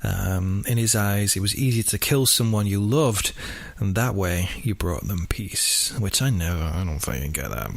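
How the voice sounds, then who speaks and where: A man hosting a true-crime podcast, telling the story in an animated, sweary, casual way. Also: low-pitched, normal speed, creaky, few pauses, dry recording. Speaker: podcast host.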